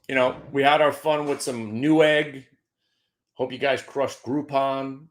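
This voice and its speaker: A man's voice: mid-range voice, fairly even intonation, unhurried. A middle-aged man hosting a stock trading show, giving casual, joking market commentary with mock-emotional outbursts and stumbling repeats.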